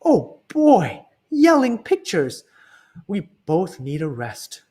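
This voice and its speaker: A man reading aloud and voicing a jumpy male thief sidekick who talks in a quivery, high voice. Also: big pitch swings, unhurried, darkish tone, slightly rough, heavily acted.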